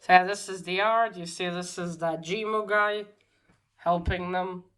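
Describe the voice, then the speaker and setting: A woman's voice: on the low side, fairly even intonation, measured pace, a bit bright. Woman retelling a comic, full of fillers. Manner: hesitant, many fillers and restarts. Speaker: comic book reviewer. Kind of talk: casual retelling of a comic plot.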